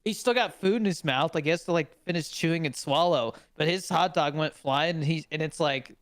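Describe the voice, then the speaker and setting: A man co-hosts a podcast in casual chat, his voice on the high side and fairly quick. He tells animated stories, laughs a lot, and acts out what people said, all in a dry, studio-quality recording.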